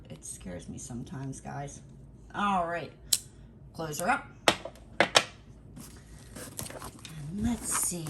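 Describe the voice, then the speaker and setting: A woman's voice: low-pitched, heavy background noise. A middle-aged woman chatting casually at home as she opens mail for her craft vlog, teasing and exclaiming often. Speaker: craft vlogger. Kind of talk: casual chat while opening mail.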